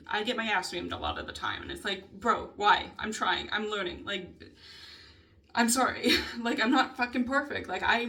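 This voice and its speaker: A woman's voice: a little high, fairly bright tone. A young adult woman vlogging a casual spoken journal, rambling with lots of fillers, swearing, laughing and sighing as she talks. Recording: voice a bit far from mic.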